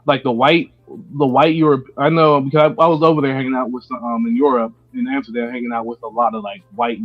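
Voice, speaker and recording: A man's voice: medium pitch, flat delivery, fast, faint music behind. Rambling man, dull lo-fi call sound. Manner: rambling, full of "like". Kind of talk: casual group chat.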